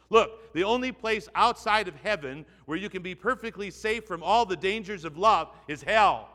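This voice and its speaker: A man's voice: mid-range voice, lively intonation, moderate pace, a bit bright, long reverb tail. A male pastor preaching a sermon, earnest and urging, repeating phrases for emphasis.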